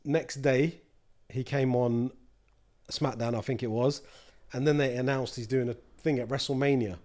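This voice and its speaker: A man's voice: medium pitch, moderate pace. A man with a London accent, a podcast guest telling a long story in a casual, slangy way. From East London. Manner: chatty, slangy, lively storyteller. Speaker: guest, snack brand co-founder.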